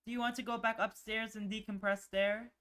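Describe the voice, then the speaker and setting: A woman voicing a gentle, playful young male furry character from a visual novel, soft and caring with a teasing edge. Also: fairly high pitch, little pitch movement, brisk, voice pushed up, lightly acted. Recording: music playing underneath.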